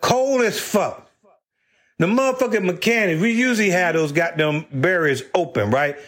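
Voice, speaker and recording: A man's voice: sits high, normal speed, a bit bright. A man telling a rambling, profane comedy story about his old job, swearing constantly and laughing as he talks. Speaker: stand-up storyteller.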